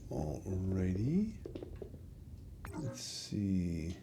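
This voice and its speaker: A man giving casual commentary while he plays a video game, musing quietly to himself. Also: sits low, very animated, drawn-out words, noisy background. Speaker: gamer playing through a game.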